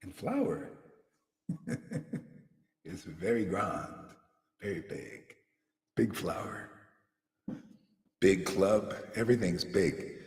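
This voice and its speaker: In a hall with long, echoing reverb, a man preaches a rambling, confrontational devotional sermon, frequently asking "see?" His low, darkish voice has vocal fry, moves slowly and pauses often.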